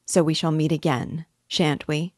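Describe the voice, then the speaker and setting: Woman reader voicing a pushy, excitable man of the law; low-pitched, dry read. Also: no echo. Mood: excited. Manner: hurried, emphatic, louder than the narration. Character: excitable male police investigator, fussy and insinuating.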